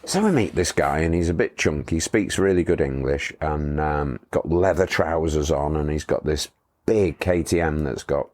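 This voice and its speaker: Man, very low voice, middle-aged, chatty guest, rambling anecdotes with restarts. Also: moderate pace, darkish tone. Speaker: motorcycle tour company owner, guest. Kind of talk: casual storytelling interview.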